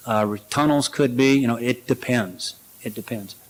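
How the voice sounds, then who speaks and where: A man's voice: medium pitch, moderate pace, rough recording. Man giving a practical conference talk. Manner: practical, conversational, many fillers. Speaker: conference speaker. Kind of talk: presentation and Q&A.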